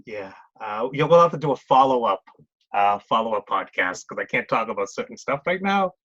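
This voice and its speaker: A man's voice: medium pitch, big pitch swings, fairly quick, fairly bright tone, no room sound. A middle-aged man with a Boston accent talks casually as a podcast guest. He rambles and restarts his sentences, leaning on "it's like". His voice comes through slightly dull and lo-fi, as if over a remote call. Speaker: guest, grief coach and author. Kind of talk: casual conversational interview.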